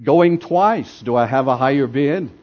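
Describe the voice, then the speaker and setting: Preacher doing an auctioneer, rhythmic bid calls, dull lo-fi sound. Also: male voice, mid-range voice, animated, unhurried, lightly acted. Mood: calling bids. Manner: rhythmic, calling out. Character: brisk male auctioneer calling bids.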